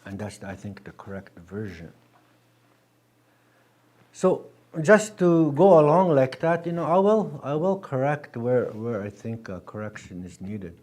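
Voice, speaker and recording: A man teaching a language class, patient and gentle, repeating words slowly with many halting restarts. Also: mid-range voice, very animated.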